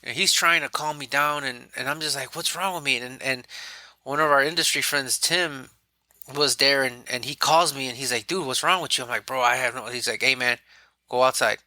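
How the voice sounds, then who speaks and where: At normal speed and mid-range pitch, with no echo, a man speaks as a podcast guest. He candidly tells his own story in casual talk, animatedly acting out what he and others said.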